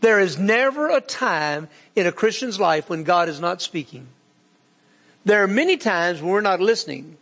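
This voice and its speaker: A man's voice: sits high, lively intonation, moderate pace, fairly bright tone. A man preaching a sermon in a folksy, earnest way, with frequent fillers and restarts. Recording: long hall reverb.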